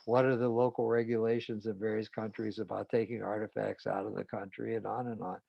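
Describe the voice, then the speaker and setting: Gravelly-voiced male psychologist telling a story. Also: on the low side, level tone, a little fast, no room sound, highs cut off. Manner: frank, conversational. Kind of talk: storytelling a therapy case.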